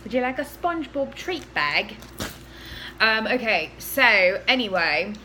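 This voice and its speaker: Young woman chatting about a tv episode, bit high voice, excited and sweary, little noise in back. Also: a little slow. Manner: animated, swearing, acts out reactions. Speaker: co-host. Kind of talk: casual TV recap chat.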